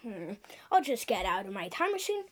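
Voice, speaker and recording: A woman hosting a playful pretend time-travel dinosaur show, animated, with sound effects and sudden hushed whispers. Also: mid-range voice, normal speed.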